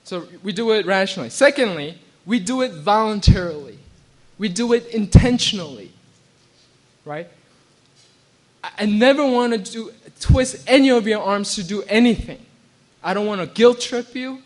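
High-voiced man preaching conversationally. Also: animated, normal speed. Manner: conversational preaching with frequent restarts and "right?" check-ins; acts out quoted voices with bursts of laughter. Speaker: pastor. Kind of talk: sermon.

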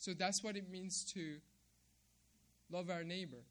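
A man's voice: sits high, steady tone, measured pace, fairly bright tone. A man preaching a sermon, emphatic, repeating key phrases and checking in with "right?". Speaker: pastor.

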